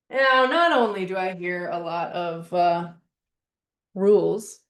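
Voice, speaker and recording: A woman's voice: lowish voice, takes it slowly, echoey room. A woman leading a class in a casual coaching style, speaking emphatically, repeating herself for effect and swearing casually. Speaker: class facilitator.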